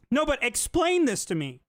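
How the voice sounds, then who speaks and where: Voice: high-pitched, creaky, no echo. A host of a commentary show, talking sarcastically and mockingly to the audience. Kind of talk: comedic commentary.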